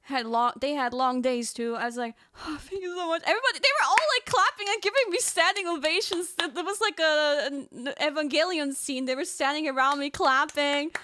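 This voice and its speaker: Bubbly high-voiced young woman streamer. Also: a little fast, few pauses, no echo. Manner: excitable, laughs often, swears casually. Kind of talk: casual livestream chat.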